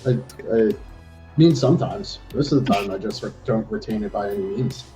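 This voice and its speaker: A man's voice: on the low side, a little fast, over music, rough recording. A man player chatting casually, rambling and joking about himself. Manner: rambling and self-mocking. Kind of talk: casual chat.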